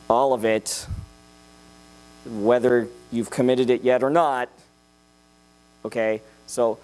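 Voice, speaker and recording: A young man preaching a sermon in a jokey, animated way, checking in with "okay?" after each point. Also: medium pitch.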